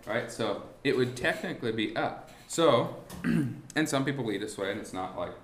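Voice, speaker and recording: A man teaching a class on musical timing, talking haltingly with many restarts and asking the students rhetorical questions. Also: medium pitch, lively intonation, reverberant, slight background noise. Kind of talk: classroom lesson on beat patterns. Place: warm indoor classroom.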